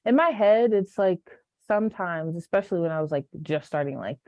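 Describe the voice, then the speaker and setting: Young woman host with a monotone voice. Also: lowish voice, brisk, no room sound. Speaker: podcast host. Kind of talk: casual podcast conversation. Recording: dull, dry sound.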